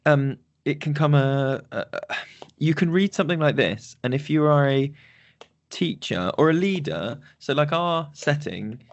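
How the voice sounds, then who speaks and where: A man's voice: fairly high pitch, animated, highs cut off. Reflective man podcaster. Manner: reflective, halting. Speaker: podcast co-host. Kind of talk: casual chat.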